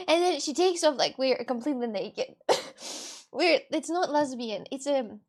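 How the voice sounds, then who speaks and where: High-voiced woman, chatty and laughing. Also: moderate pace. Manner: animated, laughing, bursts of shrieks while retelling. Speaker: vlogger. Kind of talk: casual storytelling to camera.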